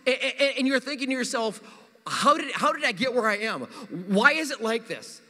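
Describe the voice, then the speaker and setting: Middle-aged male pastor, bright high voice, lively and funny, church hall reverb. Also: moderate pace. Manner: animated storytelling with humor. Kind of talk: sermon. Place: church sanctuary.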